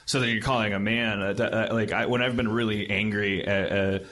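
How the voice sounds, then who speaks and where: Casting: man in his 30s, low voice, hesitant rambling comic host, faint noise in the background. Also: steady tone, fairly bright tone. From United States. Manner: halting, hesitant, self-correcting. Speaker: podcast host. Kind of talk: rambling comedic talk.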